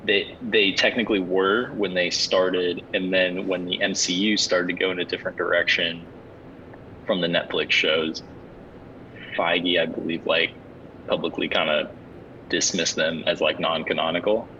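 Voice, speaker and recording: A man's voice: flat delivery, normal speed, pushed and bright. A man co-hosting a casual podcast chat, rambling with restarts and fillers, recorded away from his usual setup. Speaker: podcast co-host. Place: at home away, no studio setup. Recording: dull lo-fi sound with faint rumble.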